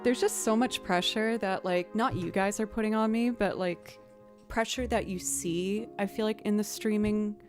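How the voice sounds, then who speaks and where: Female music streamer, casual chat, mid pitch, faint music bed. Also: normal speed, a little mellow. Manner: chatty, thanks viewers, frequent fillers.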